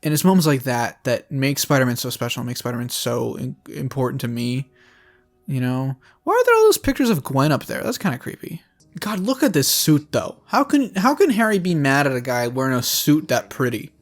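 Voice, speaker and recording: A young man giving excitable, profane reaction commentary while watching a film. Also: mid-range voice, moderate pace. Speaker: movie reviewer.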